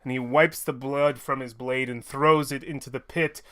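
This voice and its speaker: A man narrating as game master of a tabletop game, with steady, deliberate narration. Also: mid-range voice, no room sound, clean studio sound.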